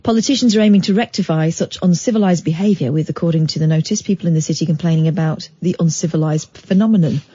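A woman's voice: deep voice, quick pace, hardly any pauses, mellow, husky, dry recording. A woman co-hosting a radio show, reading news stories aloud with giggly, playful asides. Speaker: radio co-host. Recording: dry, dull lo-fi radio sound.

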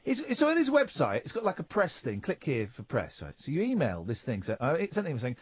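Lively, stammering radio host. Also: male voice, fairly high pitch, fairly quick, hardly any pauses, breathy edge, no room sound. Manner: chatty, stammering, jokey. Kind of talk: casual chat.

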